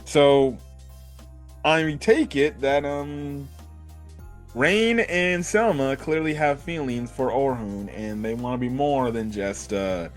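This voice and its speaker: A man's voice: mid-range voice, slow, soft background music. Rambling man reviewing an anime episode. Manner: rambling, full of fillers and slang like "bro" and "you know". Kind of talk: casual episode review commentary.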